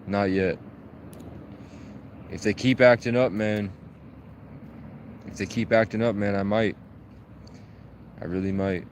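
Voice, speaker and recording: A man's voice: lowish voice, steady tone, slow pace, long pauses, slight background noise. A man livestreaming outdoors from the woods on his phone, telling a rambling, profane, agitated story in a casual way. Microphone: phone held at arm's length.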